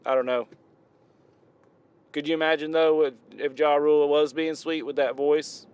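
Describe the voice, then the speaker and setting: A man's voice: on the high side, level tone, moderate pace, darkish tone, clean tone. A man with a Southern US accent, rambling casually and correcting himself as he reviews hip-hop outdoors. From American South. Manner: rambling, self-correcting, drawling southern talk.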